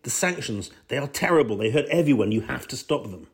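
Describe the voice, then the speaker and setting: A man's voice: mid-range voice, lively intonation, fairly quick, lightly acted. A man reading the words of an impassioned, homesick Russian emigre man in his own plain voice.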